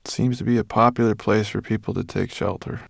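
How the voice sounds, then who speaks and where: A man voicing an earnest, apologetic young boy who speaks softly with sighs. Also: lowish voice, steady tone, a little fast, creaky, dry recording, clean studio sound.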